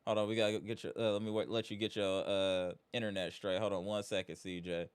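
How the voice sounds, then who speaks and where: A man's voice: lowish voice, level tone, fairly quick, clear, resonant tone. A man hosting a live sports fan stream, greeting viewers by name and venting about his team's loss. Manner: hype, greets chat by name, frustrated. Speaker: livestream host.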